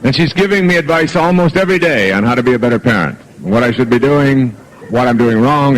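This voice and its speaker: A man's voice: mid-range voice, quick pace, low-quality recording. A middle-aged man delivers a self-help talk to a live audience. He tells jokey personal anecdotes and acts out the lines of the people in them. The sound comes from an old archive recording.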